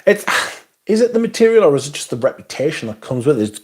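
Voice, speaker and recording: A man's voice: fairly high pitch, big pitch swings, brisk, darkish tone, breathy edge. A man hosting a casual livestream. He reads viewer comments aloud and answers them bluntly, swearing often and adding asides. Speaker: livestream host. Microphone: phone.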